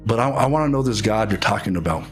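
A man preaching an online sermon, halting and repeating his words, earnest and heartfelt, calling viewers to prayer. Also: fairly low pitch, lively intonation, soft background music. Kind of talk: online sermon with altar call.

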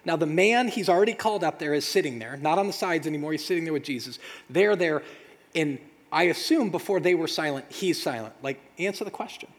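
A male pastor with a slightly high, husky voice delivers a sermon in a casual, conversational way. He leans on dramatic pauses and rhetorical questions. His words ring out with a long reverb, as in a large hall. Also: expressive.

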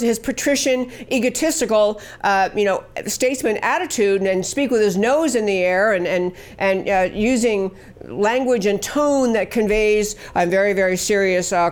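A woman hosting a talk show, delivering opinionated political commentary in an emphatic, scornful way with many fillers. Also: on the high side.

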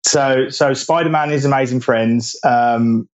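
A man's voice: medium pitch, fairly even intonation, unhurried. A man from England, a podcast guest, reminiscing fondly and meanderingly in casual chat. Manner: fond, meandering recollection.

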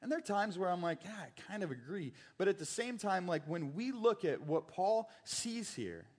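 Chatty, animated man preaching in a hall. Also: high-pitched, normal speed. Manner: animated, chatty, jokey asides with quoted voices. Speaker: pastor. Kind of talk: casual sermon with personal stories. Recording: long hall reverb.

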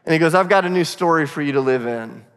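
Male pastor, forties, casual storyteller from the pulpit, slightly high voice, echo of a large hall. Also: fast, clean tone. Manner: storytelling, conversational and animated. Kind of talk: sermon. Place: church auditorium. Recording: long hall reverb.

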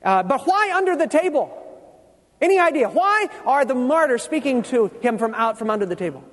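High-voiced preacher in a reverberant hall. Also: male voice, sing-song, fairly bright tone. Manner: teaching, quizzes the congregation with questions; repeats key words slowly for emphasis. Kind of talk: sermon.

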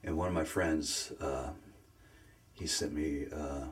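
A man telling his faith story in a casual conversation, earnest and emotional, often pausing to search for words. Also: very deep voice, steady tone. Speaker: guest sharing faith story.

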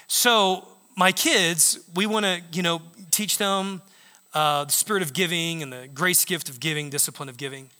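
A man pastor preaching a sermon in a church, telling stories with animated retellings of what others said. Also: fairly high pitch, normal speed. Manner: animated storytelling, acting out quotes. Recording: long reverb of a large hall.

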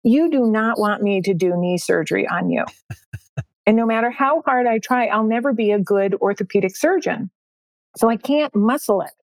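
A woman's voice: medium pitch, lively intonation, normal speed, no echo. An older woman, a success coach, speaking as a podcast guest in an upbeat, emphatic way and repeating her key phrases. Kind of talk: podcast interview.

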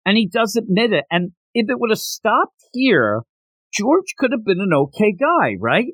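Man podcast host, lively and fairly high voice, dry close sound, acts out scenes as he retells them. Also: no room sound. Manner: animated, acts out character lines in quick voices. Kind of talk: casual chat recapping a manga chapter.

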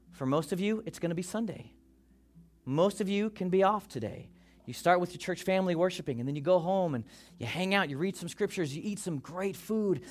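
Delivering his sermon with energy, a fairly high-pitched pastor acts out the congregation's worries through rapid quoted asides.

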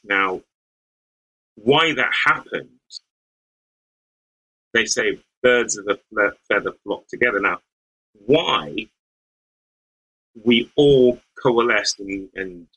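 A middle-aged lawyer from the West Midlands tells stories from his boyhood as an interview guest. His voice sits fairly low, yet it sounds bright and forward, with a husky edge. He talks reflectively, pausing and circling back as he works through his thoughts. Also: poor audio. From English West Midlands. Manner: thoughtful, searching, with frequent restarts and light laughs.

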